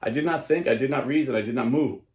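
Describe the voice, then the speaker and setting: A man's voice: mid-range voice, darkish tone. A man hosting a Catholic commentary show, reading a historical account dramatically and then explaining it plainly. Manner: slows and stresses lines when reading aloud, then explains plainly. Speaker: host of a Catholic commentary channel. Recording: roomy echo.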